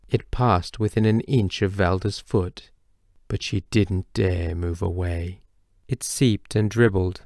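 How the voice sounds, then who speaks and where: A man reading a novel aloud as an audiobook narrator, in a measured way that slows for tense moments. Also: fairly low pitch, a little mellow, dry recording, clean studio sound. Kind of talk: scripted narration.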